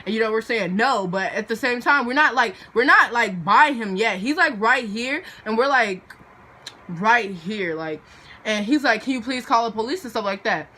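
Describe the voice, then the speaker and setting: A woman's voice: a little high, expressive, normal speed, pushed and bright. Dramatic chatty young woman. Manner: chatty and dramatic, filler-heavy, acts out voices. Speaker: vlogger. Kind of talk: storytime vlog.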